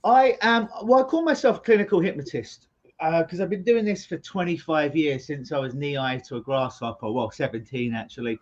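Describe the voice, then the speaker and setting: A man's voice: on the high side, brisk. A man from London with a London English accent, a guest hypnotist answering interview questions in a jokey, explanatory way. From England. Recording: dull remote call audio.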